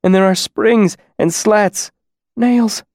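A man's voice: very high-pitched, big pitch swings, slow pace, no echo, studio quality, pitched above the performer's own voice, full character voice. A man doing a frail, panicky man with a reedy voice. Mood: frightened. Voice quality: thin, reedy, cracking voice. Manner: soft, urgent, panicky. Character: frail, frightened thin man about thirty. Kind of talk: audiobook character voice.

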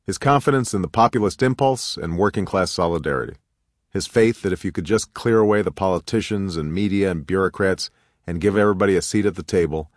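A man reading a memoir audiobook in a measured, reflective way into a close studio mic. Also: low voice, dry recording. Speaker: narrator.

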